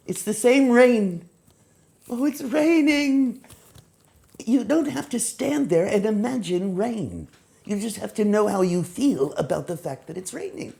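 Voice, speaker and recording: Animated, gravelly woman teaching acting. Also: fairly low pitch. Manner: animated, acts out examples in quoted voices. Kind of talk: teaching talk to camera.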